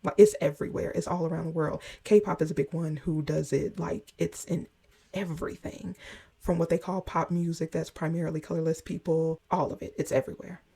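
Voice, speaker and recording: A woman hosting a reaction commentary, explaining in a measured way with frequent pauses. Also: low voice, steady tone, gravelly, dark tone, husky. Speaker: commentary channel host.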